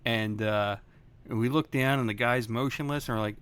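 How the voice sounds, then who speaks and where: A man's voice: mid-range voice, normal speed, a bit bright, clear, resonant tone. Laid-back cursing man on a podcast. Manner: profane, laid-back, laughs often. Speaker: podcast co-host. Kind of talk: casual storytelling chat.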